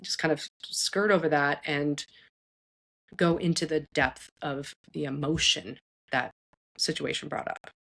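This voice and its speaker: A woman's voice: sits low, steady tone, measured pace, vocal fry, fairly bright tone. A woman psychologist giving earnest, conversational advice to parents, often checking in with "right?". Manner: acts out quoted speech in shifted voices. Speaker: psychologist host.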